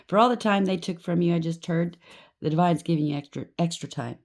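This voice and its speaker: A woman with a low, deep speaking voice reads tarot cards for an unseen audience. She talks to the listener directly, keeps checking in with "okay?", and sometimes breaks into short acted-out voices with sudden lifts in pitch. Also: moderate pace, vocal fry, darkish tone. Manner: addresses viewer directly, frequent "okay?" check-ins; acts out quoted voices with sudden rises. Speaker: tarot reader. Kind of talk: tarot card reading for viewers.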